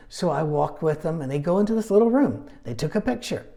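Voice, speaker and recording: Mellow-voiced man teaching Bible study. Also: fairly high pitch, fast talker, gravelly, hardly any pauses. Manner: animated storytelling with asides.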